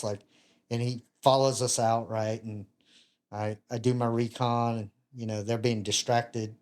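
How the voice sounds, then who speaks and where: A middle-pitched man in his fifties spins a casual, lively anecdote, slipping into other people's lines as he retells them. His humor is self-deprecating, and the delivery stays loose and conversational. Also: measured pace. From United States. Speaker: podcast guest, retired Navy bomb disposal chief. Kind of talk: casual storytelling.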